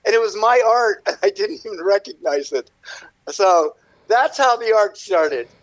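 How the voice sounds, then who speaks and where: A man, a guest artist on a radio interview, telling his story in a rambling, animated way and acting out what people said. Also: high voice, measured pace, rough recording.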